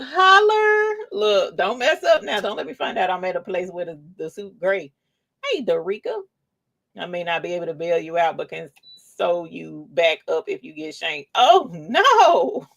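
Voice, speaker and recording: A woman's voice: on the low side, creaky. Woman host for a craft livestream, casual and playful, voice swooping up and down as she reads the chat. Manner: playful, lively, calls out "holler" and "yes, honey". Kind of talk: casual livestream chat, reading viewer comments.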